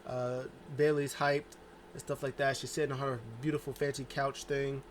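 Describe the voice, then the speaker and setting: A man's voice: medium pitch, level tone, normal speed, a little hiss or hum. A man giving a loose, rambling casual recap monologue, full of filler words and restarts. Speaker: wrestling show reviewer.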